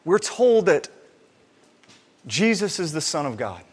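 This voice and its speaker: A man preaching a sermon in an animated way, acting out the people he quotes. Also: on the high side, takes it slowly, slightly rough. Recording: reverberant hall sound.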